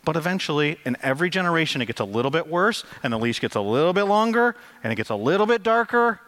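A man's voice: fairly high pitch, very animated, quick pace, a bit bright. A male pastor preaching a conversational sermon, acting out quotes with lots of energy.

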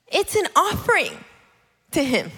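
A woman preaching a sermon in an animated way, acting out other people's voices as she tells stories. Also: sits high, measured pace, big-room sound. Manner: animated, acts out voices of her kids and God.

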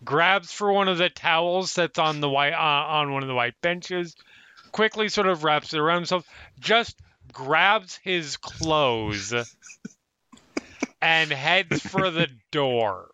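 A man's voice: a little high, expressive, takes it slowly, bright, forceful tone, clean tone, dry recording, lo-fi sound. A man running a tabletop game as dungeon master, narrating with amusement and frequent laughs.

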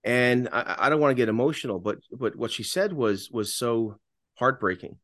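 A man's voice: medium pitch, animated, moderate pace, a bit bright, no room sound, studio quality. Impassioned man hosting political talk. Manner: repetitive restarts, impassioned. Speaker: radio talk show host.

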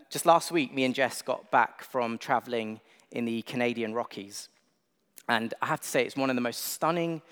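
A man's voice: mid-range voice, a bit bright. Young male preacher, casual and self-deprecating, reverberant church hall. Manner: conversational, self-deprecating, with filler words. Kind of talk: sermon. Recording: long reverb of a large hall.

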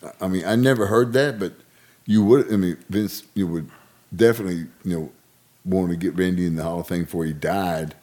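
Deep guy rambling through stories, laughs a lot, does the voices. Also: brisk, darkish tone. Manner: rambling, laughing storyteller who acts out quotes. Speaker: podcast co-host, former wrestler. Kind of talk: casual storytelling chat.

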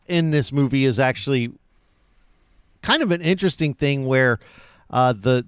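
A man's voice: mid-range voice, clean tone, no echo, studio quality. A man co-hosting a podcast, casually retelling film scenes and chatting. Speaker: podcast co-host.

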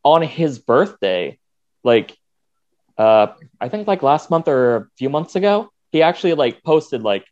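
A man's voice: medium pitch, sing-song, moderate pace, a little mellow. Man, casual podcast co-host, laid-back drawl, muffled lo-fi audio. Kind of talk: casual chat.

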